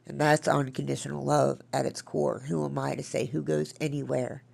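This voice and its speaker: A woman with a very low, heavily gravelly and husky voice, chatting on her podcast. She rambles, restarts her sentences and drifts between thoughts in a casual, confiding way. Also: level tone, moderate pace, darkish tone. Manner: rambling, self-interrupting, chatty. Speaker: podcast host. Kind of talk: casual chat.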